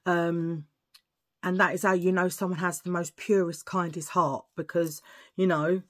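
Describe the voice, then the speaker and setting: Chatty woman, low voice. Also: level tone, unhurried. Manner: chatty, rambling, often murmuring to herself. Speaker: vlogger. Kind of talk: casual chat to camera.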